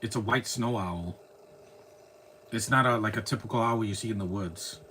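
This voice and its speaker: A man's voice: on the low side, normal speed, bright, forceful tone, a little hiss or hum. A man live streaming, chatting casually through a movie reaction, rambling and laughing at his own jokes.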